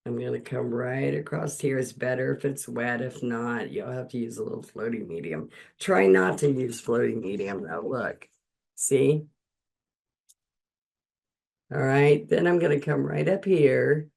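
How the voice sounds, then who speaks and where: A woman leads a painting lesson over a video call, her voice gravelly and her delivery unhurried. She chats in an animated way and laughs often as she teaches. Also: very deep voice. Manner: animated, laughs often while telling stories. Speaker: painting instructor and host. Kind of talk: chatty storytelling and painting instruction.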